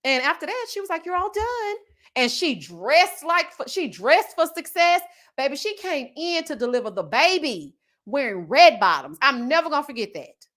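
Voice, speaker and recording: A young woman tells a story with sass and drama. Her pitch is fairly high and swings widely, rising and falling with each point she makes. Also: sing-song, moderate pace, a bit bright. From Houston, Texas. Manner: sassy, dramatic, acts out quoted voices. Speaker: commentary channel host. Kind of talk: storytelling chat.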